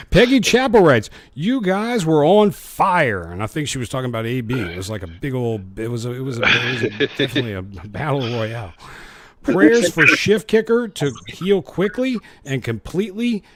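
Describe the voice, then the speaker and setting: A man's voice: medium pitch, dry recording. A man hosting a live show, joking and laughing as he reads out viewer comments. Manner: jokey, laughs between comments. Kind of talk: casual live-stream chat reading viewer comments.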